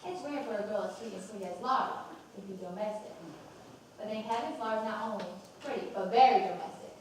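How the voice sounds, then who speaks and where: A woman's voice: medium pitch, a little fast, slight background noise, close to an everyday voice. An actress playing a fussy, nostalgic middle-aged mother, a faded Southern belle who chatters on, in a live stage play. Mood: gushing. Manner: gushing, chattering, theatrical. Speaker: stage actor. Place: college theater stage. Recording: echoey theater from far off.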